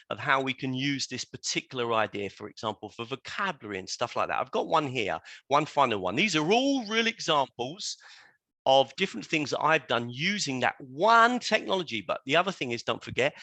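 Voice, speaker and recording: A man's voice: medium pitch, pushed and bright, no room sound. A man giving a live online webinar to teachers, talking them through examples while screen sharing.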